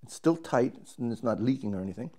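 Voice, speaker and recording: A man's voice: mid-range voice, lively intonation, fast talker, mellow. A man, a trumpet player, casually explaining and demonstrating his instrument, thinking aloud as he works and restarting his sentences.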